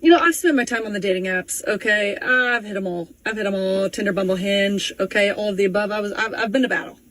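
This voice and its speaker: A woman's voice: medium pitch, fast talker, fairly bright tone, poor audio. A woman telling a dating-app story in a sassy, conversational way, stopping often to check in with the listener. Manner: sassy, punctuates with "okay?". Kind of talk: casual storytelling to camera.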